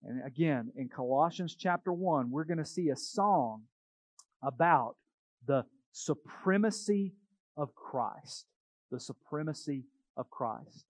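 Male pastor, casual sermon delivery, fairly high voice, dry sound. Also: animated, slow pace, no room sound. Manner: conversational storytelling preaching.

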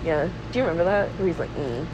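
Animated young woman, podcast host. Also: on the low side, very fast, background noise. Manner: animated, acts out characters' lines in voices, laughs often. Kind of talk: casual chat recapping a film.

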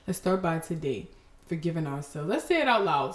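Woman podcast host, lower voice, heartfelt and expressive, roomy echo. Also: fairly quick. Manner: emotional, expressive, teary laughter. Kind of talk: faith podcast talk.

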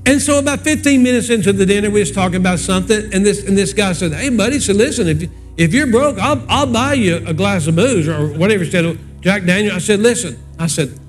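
A man's voice: high-pitched, animated, fast, few pauses, faint music behind. A man in his sixties, a pastor, preaching a sermon in a folksy, conversational storytelling way and moving into prayer.

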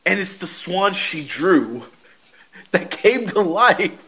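A man chats through a casual podcast recap in a high voice. His tone is bright and forceful, and he tells the story animatedly with frequent laughs. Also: very animated, slow, husky, poor audio. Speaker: podcast host.

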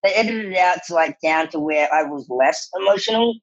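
High-voiced man telling animated stories. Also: fairly quick, muffled recording. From New Zealand. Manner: animated, laughing often, quoting others in lively bursts. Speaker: actor guest. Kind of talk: casual storytelling interview.

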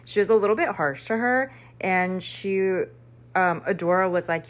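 Chatty, slangy woman, low voice. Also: moderate pace. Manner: chatty, slangy, peppered with "like" and swearing. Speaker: book reviewer. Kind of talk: casual book recap.

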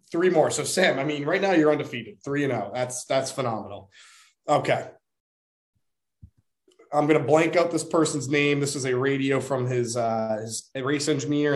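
A man's voice: medium pitch, normal speed. An upbeat man co-hosts a casual sports podcast. He chats easily as he runs a quiz segment. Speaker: podcast co-host.

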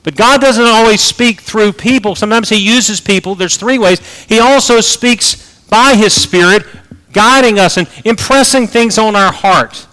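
Preaching man, emphatic. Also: a little slow. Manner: preaching with wide swings between loud emphatic peaks and soft low asides. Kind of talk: sermon.

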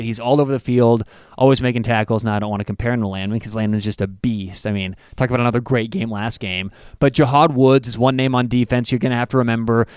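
A man co-hosting a casual sports talk show, analyzing a college football matchup with quick, enthusiastic asides. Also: mid-range voice, clean tone, dry recording, clean studio sound.

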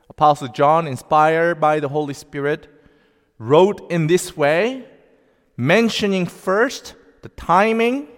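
A male pastor preaching a sermon, slow and deliberate, with emphatic rising outbursts. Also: a little high, a bit bright. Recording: long reverb of a large hall.

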